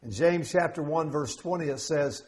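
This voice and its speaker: A man's voice: a little high, moderate pace. A middle-aged man preaching a sermon as pastor, conversational and humorous, with jokes and asides. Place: church sanctuary.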